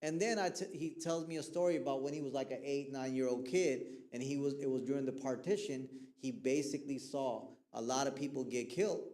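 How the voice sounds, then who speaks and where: Speaking fairly quickly with hardly any pauses, this youth mental health counselor keeps his mid-range, mellow voice fairly even in intonation. In a relaxed talk to a youth group, he checks in with the listeners again and again and performs the voices of those he quotes.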